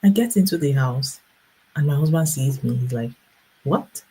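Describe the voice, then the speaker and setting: A middle-aged woman hosting a casual livestream, telling an animated personal story with laughter and acted-out voices. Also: rumbling low, normal speed, slightly rough, poor audio. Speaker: livestream host and business coach.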